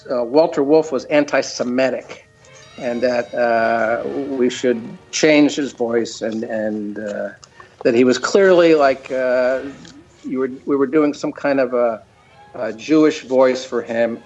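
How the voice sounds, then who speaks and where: An older man, a cartoon creator and guest, telling stories in a casual chat, halting with many fillers. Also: mid-range voice, a little mellow, dull audio.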